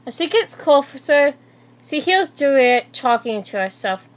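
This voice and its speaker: A woman reading a fan story aloud in an unhurried, slightly halting way. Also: high voice, very animated.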